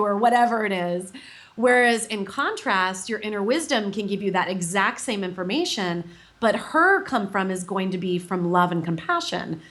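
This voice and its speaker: A woman coach answering an interview question at length, explaining patiently and dropping her voice low when she voices gentle advice. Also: expressive, normal speed. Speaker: coach, guest.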